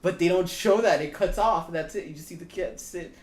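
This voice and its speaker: A man's voice: high voice, a little fast. A man co-hosting a podcast, telling rambling stories in casual chat and swearing freely. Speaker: podcast co-host. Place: podcast room. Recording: echoey room with faint noise.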